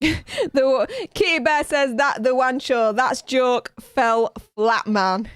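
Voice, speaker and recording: A woman hosting a live stream, chatty and animated, reading out viewer comments with lots of fillers. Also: high voice, slow pace, clean tone, no room sound, studio quality. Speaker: host reading live chat. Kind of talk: casual live-stream chat.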